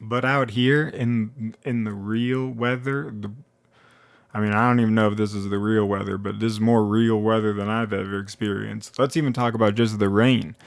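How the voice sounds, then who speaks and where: A man telling a comedic story in a rambling, animated way, often interrupting himself. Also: lowish voice, normal speed, vocal fry, no echo. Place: now living in Colorado.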